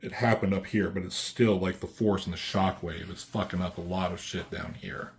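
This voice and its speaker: Deep-voiced man reviewing comics. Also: moderate pace. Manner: excited, loose, swears often. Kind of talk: casual comic review commentary.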